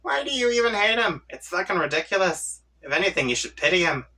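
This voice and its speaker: A man's voice: high-pitched, big pitch swings, quick pace, sharp tone, husky, recorded from a distance, voice pushed up, exaggerated voice, rough recording. A man reading a comic aloud, voicing an irritable young male troll leader who rants in prickly bursts. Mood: ranting. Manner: prickly, ranting.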